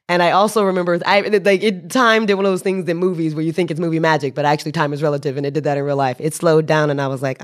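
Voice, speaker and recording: A woman telling a story as a podcast guest, animated, laughing and restarting her sentences. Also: lowish voice, fast, few pauses. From United States. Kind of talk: casual storytelling.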